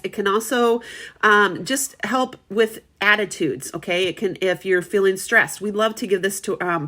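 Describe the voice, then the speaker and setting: Middle-aged woman doing a chatty product demo, medium pitch, keeps checking in w viewers. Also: a bit bright. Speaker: product demonstrator.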